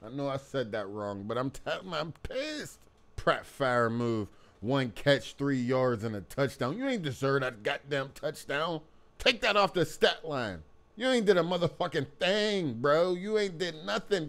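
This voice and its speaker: On his sports channel, a young man furiously vents to the camera over his team's defeat, cursing a lot and saying things again when he gets heated. His voice is fairly high and bright, moves through big pitch swings, and runs a little slow.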